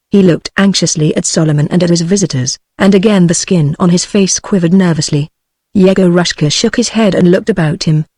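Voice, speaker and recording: A British-accented woman's text-to-speech voice reading a storybook aloud in an even, flat manner. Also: fairly low pitch, dry recording. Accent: British English. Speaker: audiobook narrator.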